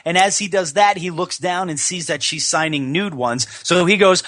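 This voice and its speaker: Bright-voiced male podcast host. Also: a little high, fairly quick, hardly any pauses, no room sound. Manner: storytelling, relaxed, chuckling. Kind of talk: casual chat.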